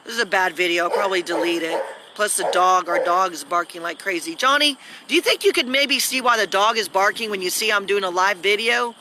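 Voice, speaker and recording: A woman's voice: medium pitch, a little fast, noisy background. A woman rambling and scolding through a live video at home, recorded on a phone. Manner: agitated, scolding, talks in long rambling runs.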